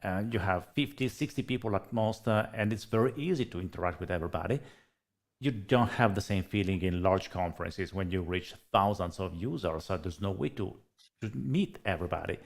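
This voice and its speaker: A man with an Italian accent chatting casually as co-host, often pausing on fillers. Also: low-pitched, creaky. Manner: animated, hesitant with many fillers. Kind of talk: casual livestream chat.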